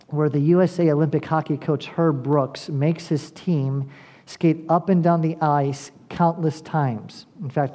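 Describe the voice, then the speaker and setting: An earnest preacher delivering a sermon in a mellow, warm-toned voice. The delivery speaks straight to the listeners and builds to emphatic appeals through repetition. Pitch sits in a middle register. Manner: addresses listeners directly. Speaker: pastor.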